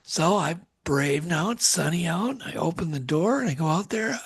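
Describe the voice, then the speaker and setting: A middle-aged man telling a strange story as a podcast guest, animated and acting out what people said. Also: a little high, moderate pace, breathy edge. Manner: animated storyteller, acts out quotes.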